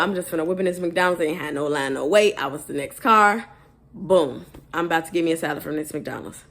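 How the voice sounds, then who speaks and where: A woman telling a casual storytime to her viewers, in a lively, slangy way that speaks to the audience directly. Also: fairly low pitch. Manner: animated, acts out the dialogue in her story. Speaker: storyteller vlogger.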